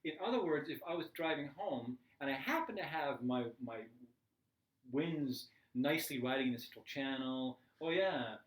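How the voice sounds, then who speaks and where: A man teaching a live class, telling a personal story in a candid, animated way with frequent "right?" asides. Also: mid-range voice, moderate pace, echoey room, low-quality recording. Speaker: meditation teacher.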